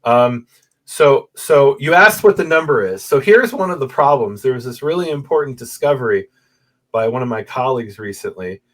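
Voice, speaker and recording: Over a video call, a man who studies Bible manuscripts explains his research as a guest in a conversation, with a bookshelf photo as his backdrop. His mid-range voice moves at normal speed, and he's animated, going step by step and frequently checking in with "right?".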